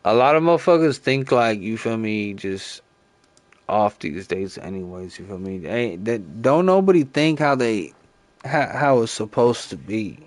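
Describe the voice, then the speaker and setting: A man's voice: on the low side, expressive, unhurried, dry recording. A man in his thirties, a gaming streamer, ranting casually in profane, slangy talk full of repeated fillers, into a headset mic. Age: 30s. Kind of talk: casual rambling rant.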